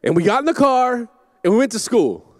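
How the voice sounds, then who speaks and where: Campus pastor, man, middle-aged; high voice, lively swinging delivery, shouts in his stories. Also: a little fast, no room sound. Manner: animated storytelling with shouted asides. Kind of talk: sermon. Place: church auditorium.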